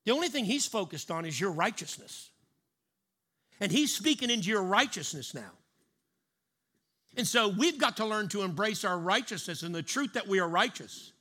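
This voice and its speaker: A male pastor preaching a sermon emphatically, slowing down to stress key words and having the congregation repeat lines after him. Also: high voice, animated, bright, forceful tone.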